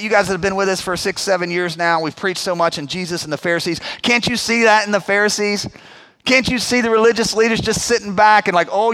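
Pastor, man, forties, high voice, chatty emphatic sermon delivery. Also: pushed and bright. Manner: conversational, emphatic preaching with acted-out quotes.

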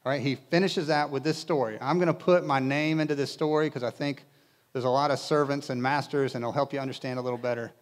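A man's voice: medium pitch, steady tone, fast. A male pastor preaching to a congregation in a conversational way, with casual asides and humor. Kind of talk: sermon. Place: church in front of a congregation.

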